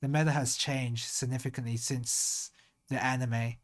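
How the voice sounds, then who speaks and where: A streamer thinking aloud in casual live-stream talk, slowly sounding out Japanese words syllable by syllable and trailing off into mutters. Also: mid-range voice, fairly even intonation.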